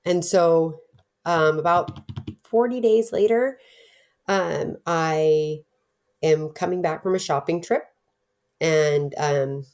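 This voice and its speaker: A middle-aged woman tells her personal story. She speaks casually and candidly, often acting out what others said with bright shifts. She fills her speech with fillers and self-corrections. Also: low voice, slow pace, long pauses. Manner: animated, acts out quoted voices, many fillers and restarts.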